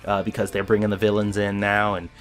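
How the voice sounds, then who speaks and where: A man giving casual reaction commentary on an anime episode, excited and rambling, often restarting his sentences. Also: fairly low pitch, quick pace, soft background music.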